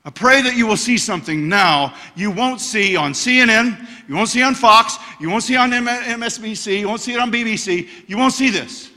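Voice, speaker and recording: A middle-aged man preaching a passionate sermon as a guest speaker, telling stories and swinging to loud bursts. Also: sits high, expressive, normal speed, few pauses. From United States. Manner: passionate, storytelling, bursts of shouting. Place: church hall. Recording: church hall reverb.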